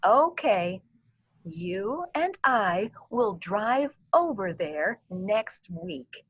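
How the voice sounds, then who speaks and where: Kind, teasing father from a storybook, read by a woman narrator, slow and clear, dry close sound. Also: mid-range voice, very animated, no echo, exaggerated voice. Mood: playful.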